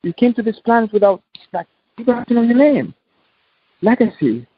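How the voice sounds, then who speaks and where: Passionate husky man from Tunisia. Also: very high-pitched, sing-song, a little fast, dry recording, phone-quality sound. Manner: impassioned, repetitive, non-native English. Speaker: guest entrepreneur. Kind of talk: passionate interview talk.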